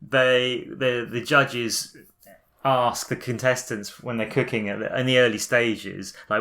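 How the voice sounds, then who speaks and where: A man's voice: lowish voice, fairly even intonation, moderate pace, bright, forceful tone. A man co-hosting a casual chat with his child, telling puns and laughing at his own jokes. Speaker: podcast co-host, father.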